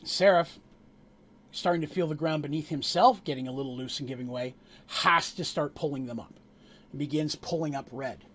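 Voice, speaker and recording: A man narrating a tabletop game as game master, telling the story with animated asides to the players. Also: a little high, normal speed.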